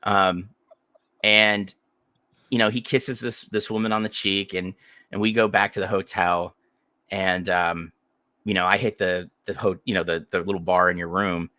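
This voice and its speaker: A man's voice: deep voice, fairly even intonation, normal speed, pushed and bright, dry recording. A man telling a crude, rambling story in casual chat as a podcast co-host.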